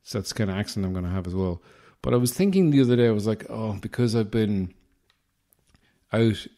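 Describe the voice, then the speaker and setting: A man's voice: fairly low pitch, sing-song, racing, mellow. An Irish man hosting a podcast, delivering a rambling, self-deprecating comic monologue with a wry manner. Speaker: podcast host.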